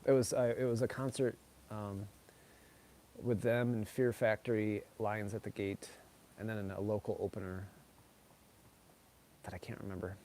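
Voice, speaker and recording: There's slight background noise as a middle-aged man talks loosely with his viewers, rambling and padding his sentences with "like" and "you know." His lower, dark and mellow voice is flat in delivery, at normal speed with long pauses.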